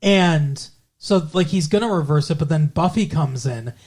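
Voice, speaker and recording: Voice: mid-range voice, expressive, normal speed, a little mellow. A podcast co-host casually retelling a TV episode, rambling with lots of filler words. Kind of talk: casual recap chat.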